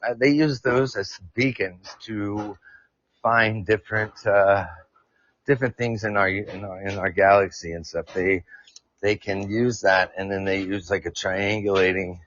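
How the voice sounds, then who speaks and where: A man's voice: deep voice, little pitch movement, a little slow, a bit bright, highs cut off. A man hosting a podcast livestream, reading science notes casually with stumbles and joking asides, speaking into earphones. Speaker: podcast host. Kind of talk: casual live-stream science talk. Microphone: earphone mic.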